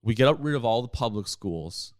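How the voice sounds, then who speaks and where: A man's voice: medium pitch, animated, moderate pace, dry recording, studio quality. A young man hosting a solo comedy podcast, ranting in a rambling, profane way with many restarts. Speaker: podcast host.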